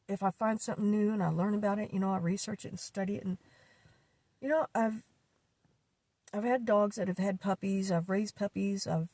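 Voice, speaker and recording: An older woman talking in a personal vlog, halting and emotional, with many fillers and restarts. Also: medium pitch, warm tone, no room sound. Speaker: vlogger.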